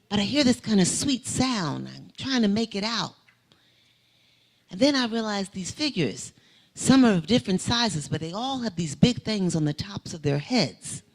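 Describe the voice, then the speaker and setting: A woman preaching a testimony in a church sanctuary. Her voice is lively and full of movement, carrying her story along with rising, emphatic swells. She speaks as a guest speaker in a sermon. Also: medium pitch.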